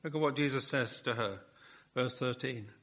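A man's voice: mid-range voice, normal speed, fairly bright tone. A man preaching a sermon, building his points with rhetorical questions and emphatic repetition.

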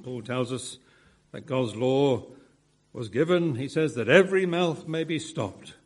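A man preaching an expository sermon, with measured phrasing and emphatic repetition. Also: mid-range voice, a little mellow, breathy edge.

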